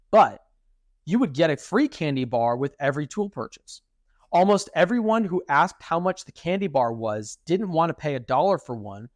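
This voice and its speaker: A young man co-hosting a podcast in casual chat, animated and acting out quoted speech. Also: on the high side, dry recording, studio quality. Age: young adult. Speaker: podcast co-host.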